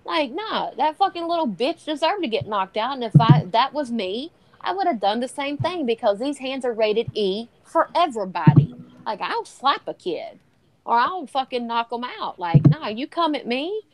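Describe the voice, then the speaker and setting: A woman's voice: a little high, sing-song, moderate pace, no echo, low-quality recording. A woman in casual chat, ranting heatedly with plenty of swearing, then reading a news article aloud. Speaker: co-host.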